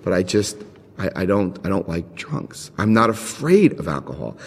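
A middle-aged man giving a recovery talk, telling lively stories with chuckles and frank asides, and reading out passages to explain them. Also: sits low, normal speed, creaky, husky. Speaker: recovery speaker. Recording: reverberant hall.

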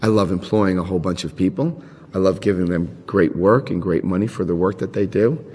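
A middle-aged man giving a recovery talk, telling lively stories with chuckles and frank asides, and reading out passages to explain them. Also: sits low, a little fast, breathy edge. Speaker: recovery speaker. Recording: reverberant hall.

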